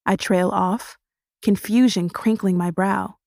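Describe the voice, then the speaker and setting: A woman narrates a first-person novel as an audiobook, telling it in a steady, expressive way. Her pitch is middling, and the recording is dry and close, without any room echo. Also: moderate pace.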